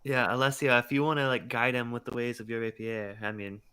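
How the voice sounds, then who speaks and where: A man's voice: medium pitch, little pitch movement, fairly quick, bright, forceful tone, clean tone. A man playing a tabletop game, wry and self-mocking. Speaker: player. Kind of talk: casual tabletop role-play.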